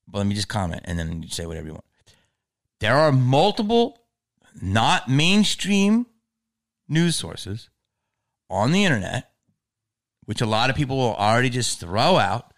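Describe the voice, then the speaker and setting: A man's voice: medium pitch, big pitch swings, a little slow, pauses often, a bit bright. A man in casual podcast chat who talks a lot, swears freely and keeps pushing his point over the other speaker. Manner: talkative, interrupts, pushes his point. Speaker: podcast co-host or guest.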